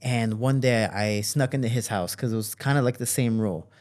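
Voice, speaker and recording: A man telling stories from his childhood as a guest in an interview, with lively quoting and relaxed fillers. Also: a little fast. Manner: animated, jumps higher to quote people; fillers and restarts, relaxed flow. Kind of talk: casual storytelling.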